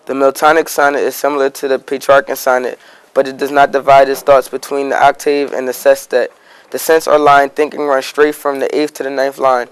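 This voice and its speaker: A man giving a steady classroom-style explanation. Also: mid-range voice, brisk, smooth, soft background music, low-quality recording.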